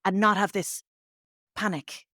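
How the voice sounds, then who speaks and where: A woman's voice: medium pitch, a little slow, no echo, clean studio sound. A woman from Dublin with an Irish accent, a language teacher talking as a guest on an interview and acting out the voices of people she quotes. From Ireland. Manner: animated storyteller, acts out quoted voices. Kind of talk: conversational interview. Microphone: remote call mic.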